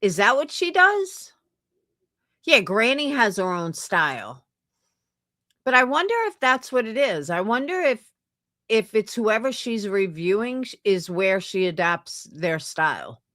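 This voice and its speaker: Lively, blunt woman streamer. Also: medium pitch, measured pace, dry recording, clean studio sound. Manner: blunt, swears freely. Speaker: streamer reacting to clips. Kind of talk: casual reaction commentary.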